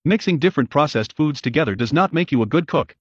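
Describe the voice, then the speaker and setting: A man reads online posts at a rapid clip with a blunt, brisk delivery. His voice sits at an ordinary pitch. The recording is dry and a little dull. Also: expressive, breathy edge, no room sound. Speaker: narrator. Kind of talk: reading posts aloud.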